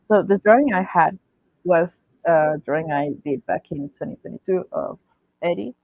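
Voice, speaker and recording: A woman who makes fan art, telling a casual story-time tale in an excited, gushing way, often laughing. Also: on the low side, dry recording. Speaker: fan artist vlogger. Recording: tinny phone-like, dry.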